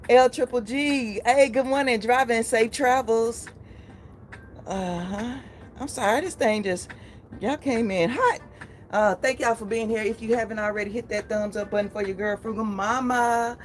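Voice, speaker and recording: A woman in her forties chats on a live stream, laughing easily and calling out to viewers by name. Her voice sits at a middle pitch with a faint hum of noise behind it. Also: a little mellow. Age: 40s. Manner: chatty, laughs often, greets viewers by name. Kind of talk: casual live-stream chat.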